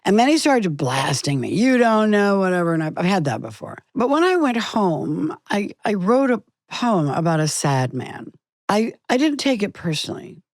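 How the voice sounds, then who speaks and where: Older actress guest, lively storyteller who acts out quotes; lower-pitched, dry, close recording. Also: female voice, no room sound. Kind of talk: conversational interview.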